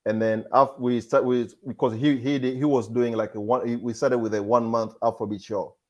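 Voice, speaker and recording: A man's voice: medium pitch, flat delivery, normal speed. Hesitant man, DJ guest. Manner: hesitant, restarts sentences, soft-spoken. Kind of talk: casual interview chat.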